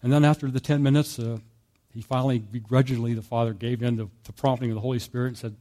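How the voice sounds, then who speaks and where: A man preaching a sermon in a relaxed, conversational way, telling a story with fillers and small chuckles. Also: medium pitch, quick pace. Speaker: pastor.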